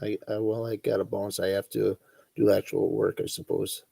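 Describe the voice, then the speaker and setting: Gravelly Upper Midwest man chatting. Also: lowish voice, normal speed, no echo. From northern Wisconsin. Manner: relaxed, chuckling, rambling. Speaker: host. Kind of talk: casual chat reading live comments.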